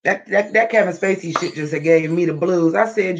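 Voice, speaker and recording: A man chatting casually to his viewers on a livestream, animated and profane, talking straight at them. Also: sits high, moderate pace, a little hiss or hum. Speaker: livestream vlogger. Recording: dull lo-fi livestream audio.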